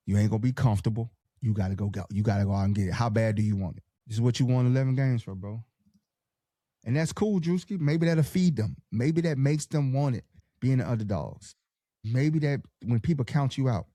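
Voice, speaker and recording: Fired-up slangy podcast host with a mellow voice. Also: male voice, on the low side, no echo, clean studio sound. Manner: fired-up, slangy pep-talk delivery. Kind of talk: casual sports podcast chat, reading live comments.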